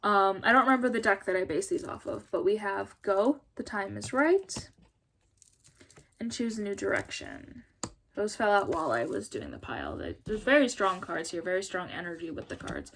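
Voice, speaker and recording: A woman's voice: medium pitch, big pitch swings, normal speed, fairly bright tone, a little hiss or hum. A young woman giving a casual tarot reading to camera, chatty and apologetic, laughing often and sounding tired. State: tired, yawning. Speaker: tarot reader.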